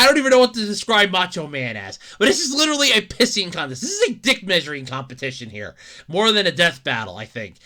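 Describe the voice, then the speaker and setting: Podcast host, solo rant, bright forceful tone, swearing, laughing, exasperated. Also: mid-range voice. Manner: rambling, swearing, laughing often; exasperated, rising to shouts when worked up.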